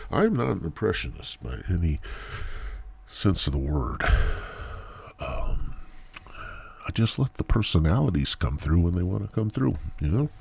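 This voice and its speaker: A man's voice: low voice, very animated, measured pace, gravelly, long pauses, a little mellow, slightly rough. A man hosting a podcast alone, talking in a profane, rambling comedic monologue that drifts into mumbled asides. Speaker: podcast host. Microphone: new headset mic.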